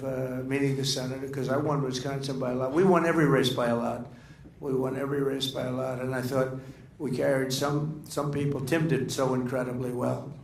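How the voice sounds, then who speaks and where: An older man speaks in a mid-range, darkish voice at a political dinner, offering off-the-cuff remarks that ramble, boast, and lean on anecdotes. The recording comes from an echoey large dining room with faint ambience and a slight hiss or hum.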